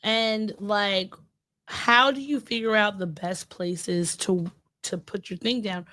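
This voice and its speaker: A woman's voice: medium pitch, fairly even intonation, slow pace, sharp tone, no echo. A woman co-hosting a podcast in casual chat, asking curious questions and laughing easily. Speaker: podcast co-host.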